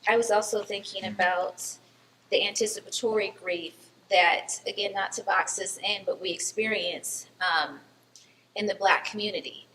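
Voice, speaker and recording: A woman speaking in a measured, somewhat subdued way as a panelist in a group discussion. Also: mid-range voice, steady tone, a bit bright, a little hiss or hum, low-quality recording.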